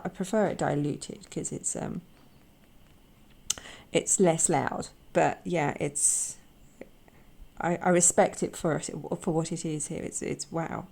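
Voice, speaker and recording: Croaky, slow-talking woman vlogger. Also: low voice, a little mellow. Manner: gushing, halting with repeats. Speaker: art channel host. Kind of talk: casual chat.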